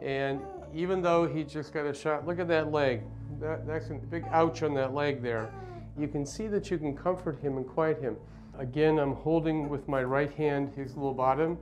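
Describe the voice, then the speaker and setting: Calm, gentle male pediatrician explaining. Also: a little high, normal speed, lo-fi sound, faint music behind. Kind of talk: instructional demonstration. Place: clinic consultation room.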